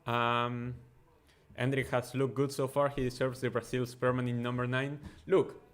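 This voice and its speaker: A man hosts a football watchalong in a mid-range voice that is neither high nor low. He talks through the match in casual live commentary, excitable and chatty. He often fills pauses with ums and uhs. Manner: excitable, chatty, with frequent fillers.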